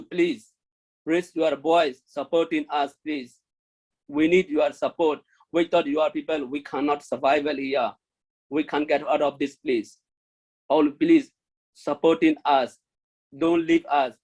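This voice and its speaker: Pleading man from Myanmar, halting English. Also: a little high, darkish tone, rough recording. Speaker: refugee speaker. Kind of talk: speech at an online launch event.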